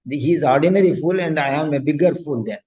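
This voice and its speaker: A man's voice: fairly high pitch, fast. Preachy male exam coach, lo-fi. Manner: lively, preachy, repeats phrases for emphasis. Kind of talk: motivational lecture to students. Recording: dull lo-fi lecture audio.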